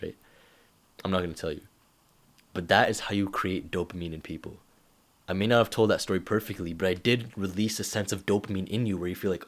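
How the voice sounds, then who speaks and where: A man's voice: deep voice, quick pace. A young man talking casually to camera, giving advice and acting out little stories with quoted voices. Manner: animated storytelling with acted-out quotes.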